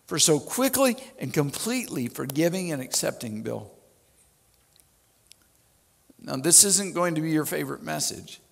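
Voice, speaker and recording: A male pastor preaching, his fairly high voice carrying a gravelly rasp. He tells the story with animated energy and slips in dry humorous asides, all ringing in a long sanctuary reverb. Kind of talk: sermon.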